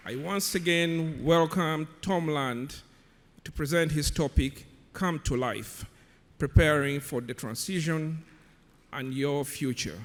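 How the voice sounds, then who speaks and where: A man serving as emcee, formally reading out a speaker's introduction in a measured way. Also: fairly high pitch. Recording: long hall reverb.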